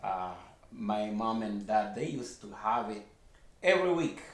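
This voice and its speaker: A man's voice: on the low side, expressive, unhurried. A man who is a guest in a casual chat, talking hesitantly and thoughtfully about his past. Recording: roomy echo.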